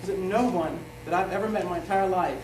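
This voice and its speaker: A middle-aged man giving a rambling, joking wedding toast, halting often with fillers as he loses his thread. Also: sits high, fairly even intonation, very noisy. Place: wedding reception hall. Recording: echoey hall from far off, crowd chatter.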